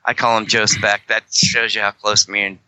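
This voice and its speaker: Male podcast guest, loose and digressive, constantly correcting himself, bright tone. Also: lowish voice, little pitch movement, moderate pace, clean tone, no echo, poor audio. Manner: rambling, joking, many self-corrections. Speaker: guest, fellow fringe Christian show host. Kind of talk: casual podcast chat.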